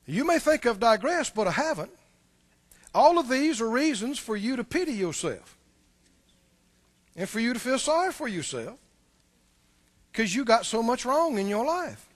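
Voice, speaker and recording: A man's voice: extremely high pitch, very animated, normal speed, long pauses, no room sound. A man preaching a sermon, emphatic and repetitive, speaking directly to the congregation. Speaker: pastor.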